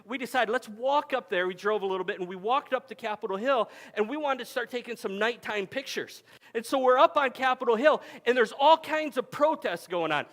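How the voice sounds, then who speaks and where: A man's voice: very high-pitched, expressive, fairly quick, a bit bright. A man in his forties preaching a sermon at a family camp, telling stories in a conversational way with frequent restarts. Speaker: pastor. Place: camp meeting hall.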